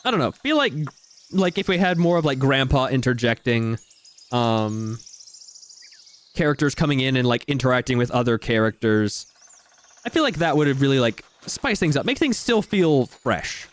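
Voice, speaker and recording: A man's voice: medium pitch, very animated, normal speed. Rambling man giving game commentary. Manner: rambling, searches for words, lots of fillers. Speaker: gameplay commentator. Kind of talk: casual let's-play commentary.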